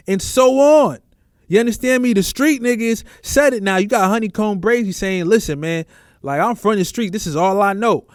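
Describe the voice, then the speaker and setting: Emphatic high-voiced man, dry sound. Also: no room sound. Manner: emphatic, repetitive, conversational. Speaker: commentary host. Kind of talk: street culture commentary.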